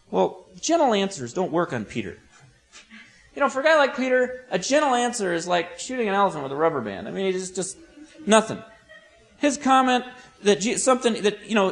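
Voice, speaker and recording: A man's voice: high voice, sing-song, brisk. A man preaching an expository sermon, telling the story vividly with humorous asides.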